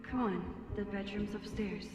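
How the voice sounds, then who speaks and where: A woman voicing Max, soft-spoken and introspective. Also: mid-range voice, steady tone, unhurried, noisy background, lightly acted. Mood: reflective. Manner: soft, introspective, often near a whisper. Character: young woman photographer Max, quiet and thoughtful. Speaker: game character. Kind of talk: game voice acting with inner monologue. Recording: game audio with long reverb and music. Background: game music.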